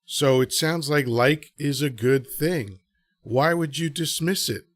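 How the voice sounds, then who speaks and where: A man's voice: a little high, takes it slowly, no room sound. A man hosting a live audio show, talking casually to listeners and throwing out rhetorical questions. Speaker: podcast host.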